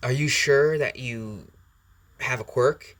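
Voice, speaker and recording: A puzzled doctor who sounds offhand and a little baffled, as a man puts it on. The voice stays close to the narrator's own, at a middle pitch. It is read as part of a storybook. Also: slow pace, fairly bright tone. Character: doctor examining a boy, puzzled.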